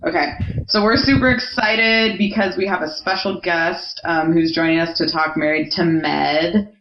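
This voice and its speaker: Lower-voiced woman host, echoey muffled audio. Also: steady tone, normal speed. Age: 30s. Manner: upbeat, steers the segments. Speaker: podcast host. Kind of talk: casual podcast chat. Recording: echoey, muffled home recording.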